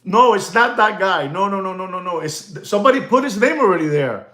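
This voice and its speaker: High, lively man. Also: brisk, echoey room. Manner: rambling, repetitive, laughs often. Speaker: watch dealer hosting a livestream. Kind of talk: casual livestream chat with viewers.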